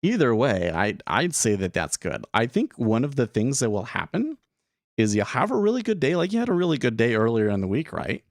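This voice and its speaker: A man's voice: medium pitch, big pitch swings, brisk, no echo, clean studio sound. A young man casually talking through his trading day on a live stream, thinking aloud with frequent restarts and filler words.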